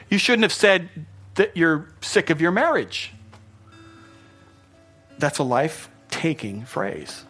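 A man preaching a sermon in a church, earnest, repeating phrases for emphasis and swinging from soft to loud. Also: fairly high pitch, sing-song, normal speed. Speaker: pastor. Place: church hall.

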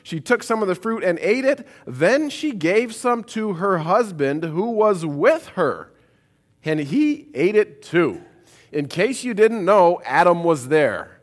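Lively, high-voiced man preaching. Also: slow. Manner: expressive Bible reading, conversational asides. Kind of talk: sermon.

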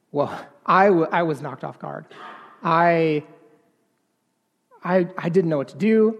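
A man preaches with earnest hesitation, repeating himself and then rising to emphatic stretches. His pitch is fairly high, and a long reverb tail trails his words.

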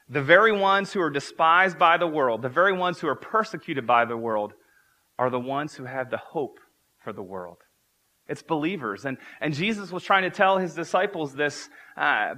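A man's voice: on the high side, pushed and bright. A man in his thirties preaching a sermon as pastor, earnest and repeating key phrases for emphasis.

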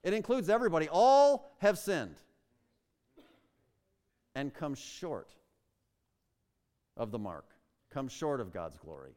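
A man's voice: medium pitch, huge pitch swings, moderate pace, long pauses, darkish tone. A man preaching a sermon as pastor, emphatic and full of rhetorical questions, stretching out key words for stress. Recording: long reverb of a large hall.

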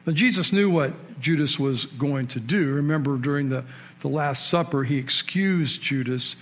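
Man, pastor, sermon, fairly high voice, storytelling, talks straight to the congregation, sudden emphatic rises. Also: moderate pace, fairly bright tone. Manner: conversational, with asides and direct questions to the listeners.

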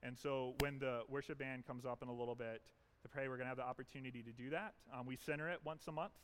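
Male pastor, mid-pitched voice, earnest emphatic sermon delivery. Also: fairly even intonation, fast talker, background noise. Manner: earnest, emphatic preaching with repetition. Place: church.

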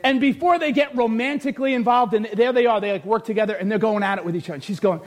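High-voiced man preaching a shouting sermon. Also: fast, hardly any pauses. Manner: animated, often shouting, joking storyteller. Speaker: pastor. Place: church hall with bleachers.

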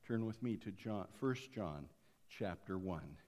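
A man, a pastor, preaching a sermon that moves from quiet passages to emphatic ones. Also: low voice, animated, slow pace. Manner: dynamic, swinging from quiet to emphatic. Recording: long church reverb.

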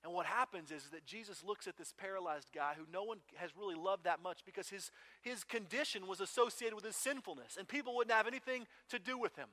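A man's voice: sits high, fast talker, bright, forceful tone. A man preaching a sermon as a pastor, telling a personal story in a conversational way and often checking in with "right?".

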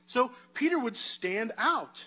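A man delivers a sermon in a chatty, conversational way, often turning to the congregation with rhetorical questions. His voice sits high and sounds bright and forward. The recording is a little muffled and lo-fi. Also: very animated, slow pace. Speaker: pastor.

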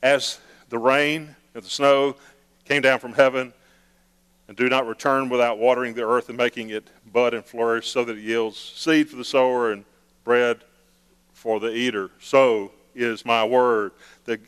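A male pastor preaching with a conversational, playful delivery and acting out people's pleas to God. His mid-pitched voice rings out through a church sanctuary with a long reverb tail. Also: little pitch movement, a little slow, fairly bright tone, clear, resonant tone. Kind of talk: sermon.

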